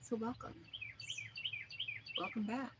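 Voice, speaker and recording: A woman's voice: on the high side, steady tone, slow pace. A woman hosting a casual outdoor livestream, reading viewer comments aloud in a chatty, friendly way. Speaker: livestream host. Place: back porch outdoors at evening. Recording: outdoor noise with birds. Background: birdsong and outdoor ambience.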